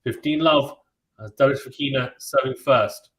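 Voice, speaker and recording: A man calls live tennis play-by-play in a loose, conversational way, breaking off to read and answer viewer comments. His voice sits at an ordinary middle pitch. The sound carries a roomy echo, as if he is recording in an untreated space. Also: normal speed, a little hiss or hum. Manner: chatty and relaxed, reads out viewer comments and reacts to them. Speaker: host of a live tennis watchalong stream. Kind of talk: live play-by-play commentary mixed with casual chat.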